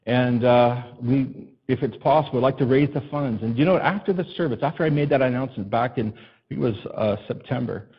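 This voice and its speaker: A male pastor preaching a sermon in an impassioned way that builds to loud, emphatic peaks. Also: mid-range voice, slightly rough, dull audio.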